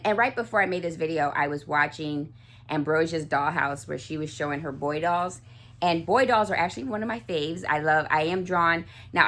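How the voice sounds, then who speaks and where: A woman with a low-pitched voice chats to camera in a relaxed vlog. She gushes warmly about small things and wanders through fillers and false starts. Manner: chatty, gushing, many fillers and restarts. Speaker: doll collector vlogger. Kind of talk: casual chat.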